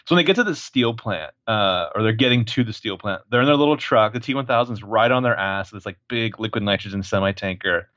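A man co-hosting a casual movie podcast, animated and profane, acting out scenes as he talks. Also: fairly low pitch, fast talker, few pauses, no room sound, lo-fi sound. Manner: animated, profane, acts out lines. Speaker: podcast co-host.

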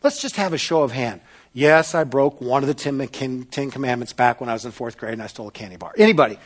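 A man preaching a sermon to a congregation, swinging between loud, emphatic calls and hushed, quiet passages. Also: medium pitch, quick pace. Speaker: pastor.

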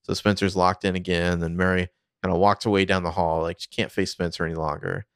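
A man's voice: low-pitched, fairly even intonation, a little fast, creaky, fairly bright tone, clean tone, dry recording, studio quality. A man casually recapping a TV episode on a podcast, narrating the scenes and briefly acting out the characters' lines.

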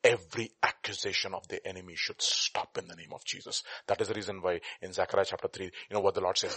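A man preaching an animated sermon, acting out scenes and shifting between loud outbursts and quiet asides. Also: low-pitched, brisk, slightly rough, no room sound. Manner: dramatic, acts out scenes with shouted voices.

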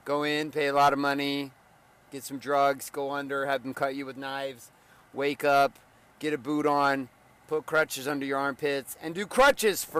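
A middle-aged man hosting a motivational podcast as a coach, talking casually with profanity and jokes, and now and then bursting into loud yells. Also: medium pitch, steady tone, normal speed. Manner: profane, joking, bursts into shouting.

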